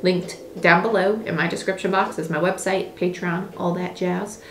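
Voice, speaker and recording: A woman's voice: lowish voice, steady tone, normal speed, fairly bright tone. A young woman giving a casual tarot reading, chatty, blunt and encouraging with playful exclamations. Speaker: tarot reader. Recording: echoey room with faint noise.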